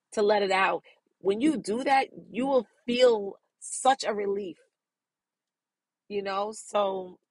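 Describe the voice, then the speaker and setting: A woman's voice: mid-range voice, dry recording. A middle-aged woman hosting a podcast, talking candidly and casually about self-care, laughing often as she goes. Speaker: podcast host.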